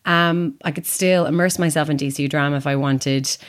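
A woman's voice: sits low, fairly even intonation, a little fast. An Irish woman in her thirties, a guest telling stories in a casual chat and laughing easily. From Ireland. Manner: chatty storytelling, laughs easily.

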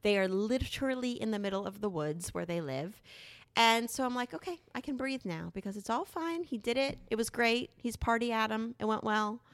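A woman's voice: on the high side, fairly quick. A woman in her thirties in casual chat with her husband, telling a story with lots of swearing. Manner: animated storytelling, frequent swearing. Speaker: podcast co-host.

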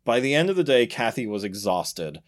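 Male podcast host, mid-pitched, chatty storyteller who laughs easily. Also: brisk. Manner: laughs often, animated retelling with acted quotes. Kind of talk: casual storytelling chat.

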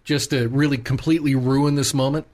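A man's voice: medium pitch, steady tone, fairly quick, a little mellow. A man co-hosting a casual car podcast, telling rambling comic stories. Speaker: podcast co-host. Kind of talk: casual banter.

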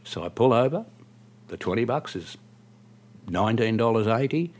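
A man's voice: medium pitch, lively intonation, moderate pace, darkish tone. A man, a taxi driver telling a story about a fare in a dry, wry, conversational way. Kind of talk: spoken anecdote storytelling.

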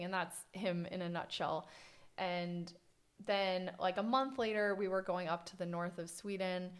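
A woman's voice: medium pitch, moderate pace. A young adult woman, a podcast guest, telling stories in casual conversation, laughing often and acting out what people said. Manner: animated storyteller, laughs often, acts out quotes. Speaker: podcast guest, watch collector.

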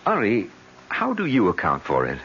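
A flustered, stammering suitor, wildly swinging pitch, 1970s radio play, dull hissy broadcast. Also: male voice, wildly swooping pitch, normal speed, a bit bright, heavily acted. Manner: stammering, bewildered. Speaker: bewildered suitor. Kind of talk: 1970s radio drama acting.

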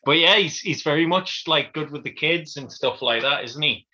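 A man's voice: a little high, normal speed, pushed and bright. A man co-hosting a casual podcast, telling stories with animation and acting out quoted voices. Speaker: podcast co-host. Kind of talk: casual chat and storytelling. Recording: dull lo-fi audio.

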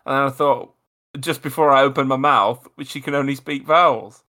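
A man's voice: medium pitch, moderate pace, bright, forceful tone. A man hosting a comedy improv podcast, joking and laughing often with his friends.

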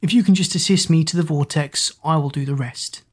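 A woman narrator voicing a calm, weary young man trapped in a doll's body, speaking softly and measured. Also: deep voice.

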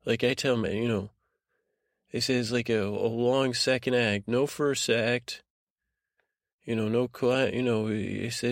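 A man hosting a podcast, telling a meandering bedtime story with many halting restarts and digressions. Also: medium pitch, steady tone, gravelly, no room sound, clean studio sound.

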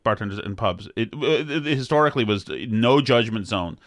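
A man's voice: moderate pace, no echo, studio quality. A man co-hosting a podcast, chatting casually in a joking, rambling way. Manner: joking, rambling, lively swings of pitch. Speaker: podcast co-host. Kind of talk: casual chat.

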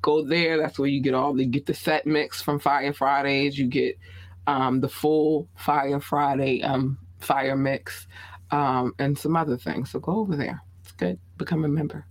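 A woman podcast host with a Baltimore accent, chatting casually and bluntly in a small home studio, her voice swooping up high when excited. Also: unhurried, no echo. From Baltimore, USA. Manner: laid-back, blunt, frequent "um" and laughter. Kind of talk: casual podcast sign-off chat.

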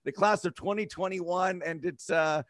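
A man's voice: high voice, fairly even intonation, normal speed, a bit bright, no echo, studio quality. A middle-aged man hosting a casual hockey podcast, talking with eager enthusiasm and frequent chuckles. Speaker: podcast host.

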